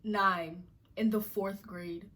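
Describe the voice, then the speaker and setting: A woman's voice: medium pitch, fairly even intonation, slow, sharp tone. A woman from Nigeria vlogging to camera, exasperated and emphatic, firing off repeated rhetorical questions. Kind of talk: casual to-camera rant.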